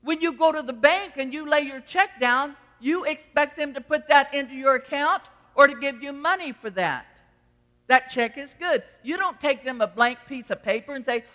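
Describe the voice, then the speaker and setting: A middle-aged woman pastor preaches to her congregation with a bright, forceful voice. She is emphatic and slips into the voices of the people she quotes. Her words ring out with a long reverb from the church hall. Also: high-pitched, animated, moderate pace. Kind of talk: sermon. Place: church sanctuary.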